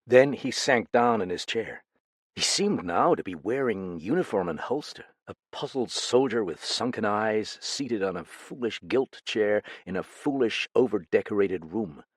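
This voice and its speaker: A man narrating a mystery audiobook in a steady, measured reading. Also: lowish voice, slightly rough, dry recording, studio quality. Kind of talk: scripted narration.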